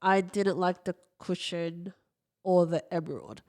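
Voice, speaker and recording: A woman's voice: lowish voice, steady tone, a little slow, a little mellow. A woman co-hosting a podcast, chatting casually and telling a story with lots of "like", in a slightly blocked-up nasal voice. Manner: chatty storyteller, frequent "like" and laughs. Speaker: podcast co-host. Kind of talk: casual chat.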